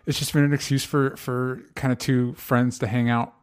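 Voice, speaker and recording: A young man hosts a podcast in casual chat, earnest and a bit halting, full of fillers and restarts. His voice sits at an ordinary middle pitch. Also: flat delivery, smooth. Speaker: podcast host.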